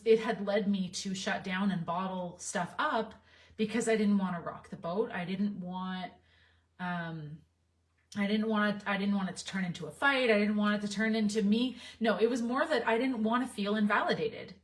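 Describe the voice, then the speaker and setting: A woman in her thirties or forties, a relationship coach speaking candidly to camera in a heartfelt, reflective way with soft laughs. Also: mid-range voice, moderate pace, far from the mic.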